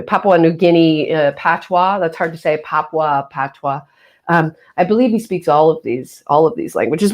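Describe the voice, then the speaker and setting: A woman hosting a casual livestream, reading viewer comments with a playful, jokey manner and mock-solemn asides, on a webcam mic. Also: mid-range voice. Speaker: livestream host.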